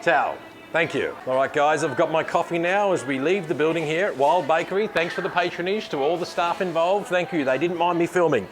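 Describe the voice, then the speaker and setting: A man's voice: on the high side, a little fast, over music. An Australian man hosting a casual walk-and-talk vlog, filming himself on a handheld camera and rambling cheerfully as he thanks people. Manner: chatty, rambling, says thank you a lot. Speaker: vlogger host. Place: bakery and city street, indoors and outdoors.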